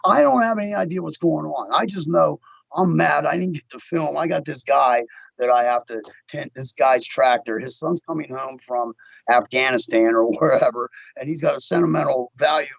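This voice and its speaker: Man guest recounting a story with lively acted-out quotes; dry, dull-sounding podcast audio. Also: a little high, moderate pace, creaky, no echo. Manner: animated storyteller acting out his own quotes. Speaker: guest, window tint shop owner. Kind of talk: casual storytelling chat.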